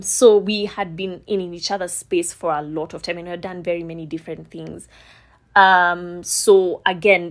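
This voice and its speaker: Woman, young adult, low-ish voice, candid, confessional storytelling, swears freely, halting. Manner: frank, confessional, swears freely, many ums and restarts. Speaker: podcast co-host.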